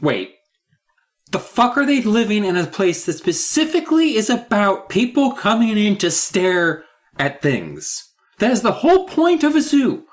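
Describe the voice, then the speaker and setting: A man's voice: sits high, huge pitch swings, a little slow. A man co-hosting a comedy podcast, reacting with incredulous, profane jokes. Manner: incredulous, swears freely. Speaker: podcast co-host. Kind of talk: casual comedic chat.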